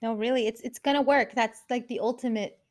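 Mom of school kids chatting quick on a podcast, kinda high voice. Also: female voice. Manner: quick, animated storytelling. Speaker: podcast co-host. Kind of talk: casual chat.

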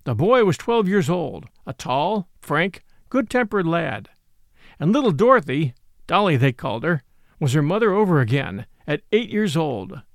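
A man reading a classic novel aloud as an audiobook, in a gentle storytelling manner. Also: fairly high pitch, big pitch swings, moderate pace, no echo, clean studio sound. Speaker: audiobook narrator. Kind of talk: scripted narration of a classic novel.

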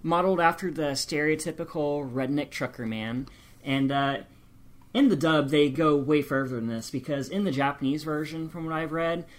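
A man co-hosting a podcast in casual chat, giving measured explanations and hedging his claims. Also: a little high, steady tone. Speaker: podcast co-host.

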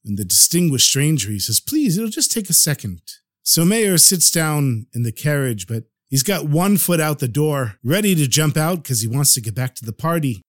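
Animated male storyteller, dry close sound. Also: a little high, moderate pace, few pauses, no room sound. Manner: animated, expressive narration. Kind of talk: podcast storytelling.

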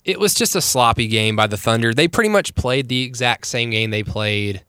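A man's voice: medium pitch, normal speed, pushed and bright, clear, resonant tone, no echo, studio quality. A man hosting a casual sports podcast, joking around and rambling with frequent self-corrections. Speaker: podcast host.

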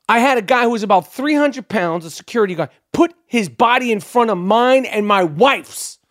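Man, podcast host, angry unedited rant, profane, repetitive, high-pitched. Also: lively intonation, moderate pace, a bit bright, no echo, clean studio sound. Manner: profane, worked up, repeats words.

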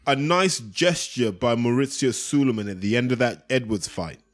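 Man, podcast co-host, casual boxing chat, animated, mid-pitched. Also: moderate pace. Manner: animated, acts out quotes in raised voice.

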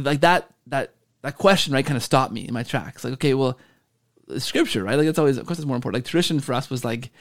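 A man hosting a podcast, telling a story in a casual, animated way and checking in with a frequent "right?". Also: mid-range voice, gravelly. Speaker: podcast host.

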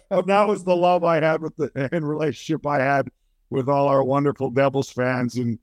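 An older man, a former hockey player, telling a story in an interview, animated and full of restarts. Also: fairly high pitch, moderate pace, no room sound.

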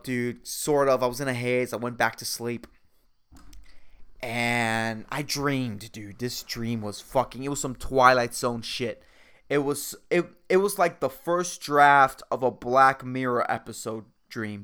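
Young male podcaster, rambling solo chat, profane and excitable, mid-pitched. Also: smooth. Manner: excitable, swears a lot, keeps saying dude. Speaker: podcast host. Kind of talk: casual solo podcast monologue.

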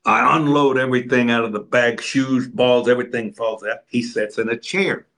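A man's voice: mid-range voice, fairly even intonation, moderate pace, fairly bright tone. An older man from Texas, an interview guest telling long stories and acting out other people's lines. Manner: rambling raconteur, acts out other people's lines. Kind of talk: anecdotal storytelling.

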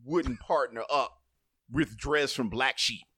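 A man's voice: medium pitch, slow pace, bright, forceful tone, breathy edge, no room sound, studio quality. A man co-hosting, joking and riffing in casual slangy banter.

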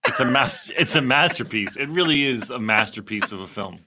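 A man hosts a podcast in an easygoing, chatty way. His voice is mid-pitched, with a bright, forward tone. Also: expressive, a little fast. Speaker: podcast host. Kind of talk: casual chat.

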